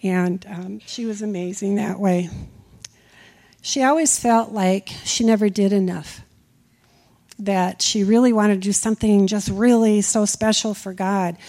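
Woman from Minnesota, heartfelt eulogy, mellow warm tone, church sanctuary. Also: medium pitch, steady tone, a little slow. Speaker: friend giving a eulogy. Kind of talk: personal eulogy at a memorial service.

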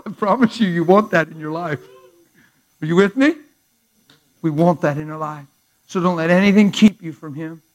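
A man pastor preaching through a personal story, fervent and conversational, often dropping to a hush. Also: fairly high pitch, measured pace, long pauses, muffled recording. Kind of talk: storytelling sermon.

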